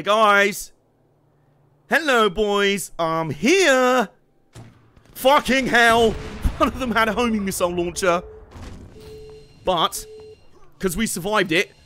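A young man giving casual, excitable gameplay commentary, laughing, swearing and humming along as he plays. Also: a little high. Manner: excitable, laughing, swearing, hums tunes while playing. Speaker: game streamer.

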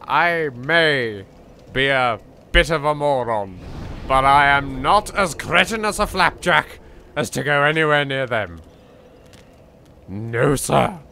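A young man with an English accent talks over his game with a lively, bright voice and a gravelly rasp at the bottom of it. He is jokey and theatrical, hushed one moment and yelling the next. Faint background noise sits under the mic. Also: mid-range voice, takes it slowly. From England. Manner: theatrical, jokey, swings between hushed asides and loud outbursts. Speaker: let's play host. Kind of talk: game commentary.

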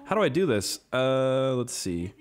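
Excitable young man, lively swearing game commentary. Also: medium pitch, measured pace. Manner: profane, excitable, jokey. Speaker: gaming YouTuber. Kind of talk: casual gameplay commentary.

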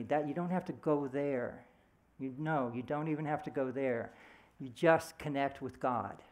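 A middle-aged man giving a sermon in a conversational, storytelling way, slipping into short voiced quotes. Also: a little high. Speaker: speaker at a church service.

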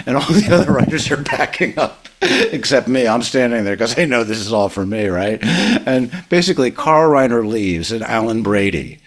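With big swings in his medium-pitched voice and a moderate pace, an older comedy writer rambles through show-business anecdotes as a podcast guest. He laughs frequently as he tells them casually.

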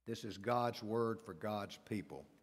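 A man reading a scripture passage aloud during a church worship service, in a measured, steady cadence. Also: fairly low pitch, crowd noise. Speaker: scripture reader. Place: church sanctuary. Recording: long church reverb.

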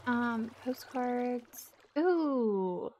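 A woman's voice: a little high, animated, very slow, a little mellow, dull audio, slight background noise. A woman hosting a game playthrough in casual commentary, chatty and exclaiming as she talks to the creatures on screen. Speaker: let's play host.

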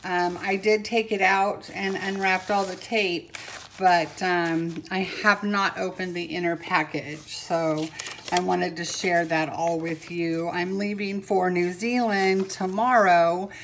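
An older woman filming a casual unboxing vlog at home on her camera, gushing and sentimental, pausing often and filling gaps with "um". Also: on the low side, fairly even intonation, slight background noise. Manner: gushing and sentimental, with many pauses and fillers. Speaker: vlogger. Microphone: camera mic.

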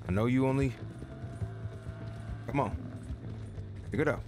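A man's voice: medium pitch, measured pace, over music. A man giving casual gameplay commentary, playfully coaxing and teasing the characters and his horse. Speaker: let's play host.

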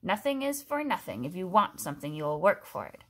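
A woman's voice: lowish voice, very animated, a little fast. A woman reading aloud and voicing a scary old witch with a squawking, rusty voice that sneers and cackles. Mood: sneering.

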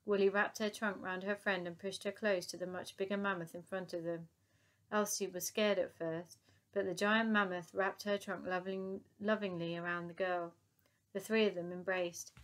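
A woman reads a children's story aloud, calm and even. Her voice sits at a middling pitch. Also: normal speed. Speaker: narrator. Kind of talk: reading a children's book aloud.

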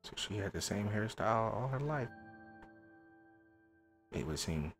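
A man's voice: on the low side, lively intonation, a little slow, soft background music. A man hosting a let's play, rambling and thinking aloud as he reacts emotionally to the story. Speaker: gaming host.

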